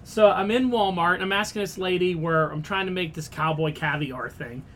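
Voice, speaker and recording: A man's voice: high voice, moderate pace, a bit bright, a little hiss or hum. A man co-hosting a podcast, telling a story animatedly, swearing freely and acting out the people in it. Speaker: podcast co-host. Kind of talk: casual chat.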